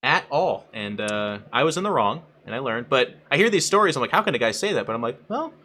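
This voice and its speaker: A man hosting a casual chat, animated, often mimicking others in quoted voices. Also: mid-range voice, fast. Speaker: host.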